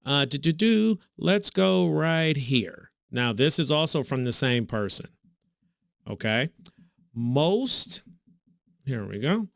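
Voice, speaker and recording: A man's voice: dry recording, clean studio sound. Sarcastic male reaction-video host. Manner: sarcastic, mocking, animated pitch swings. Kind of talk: reaction commentary.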